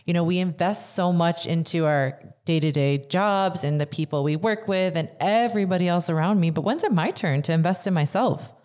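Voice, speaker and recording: A young adult woman speaks as a podcast guest, earnest and open. Her voice sits on the lower side, and she repeats words when she wants to stress a point. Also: moderate pace, hardly any pauses, darkish tone. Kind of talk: casual podcast interview.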